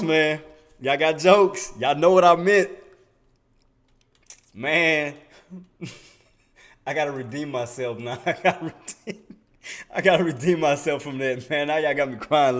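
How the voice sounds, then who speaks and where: A man's voice: fairly high pitch, gravelly, fairly bright tone. A man hosting a live day-trading stream, talking casually to his chat in slang and laughing often.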